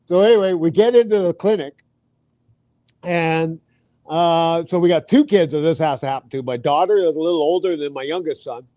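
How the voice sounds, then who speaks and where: A man's voice: a little high, no room sound. A middle-aged man telling a family anecdote in casual chat, acting out the quotes. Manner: animated anecdote with acted quotes and laughs. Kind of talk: casual storytelling.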